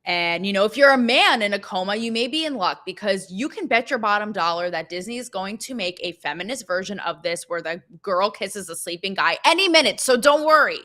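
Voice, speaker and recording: A young woman hosting a casual opinion show, chatty and sarcastic, with many fillers and quick asides. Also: mid-range voice, animated, sharp tone. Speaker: show host.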